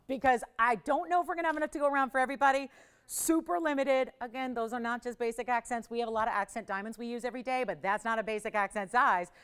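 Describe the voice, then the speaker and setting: A woman with a smooth voice hosts a live jewelry shopping show. She pitches the pieces with enthusiastic, emphatic selling and keeps repeating phrases.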